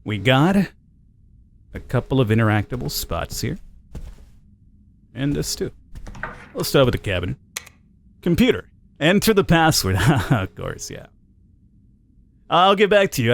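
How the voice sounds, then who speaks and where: A man's voice: mid-range voice, sing-song, normal speed, gravelly, long pauses, slight background noise. A man casually commentating a game playthrough, chatty, thinking aloud and reading notes out. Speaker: gameplay commentator. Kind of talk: let's play commentary.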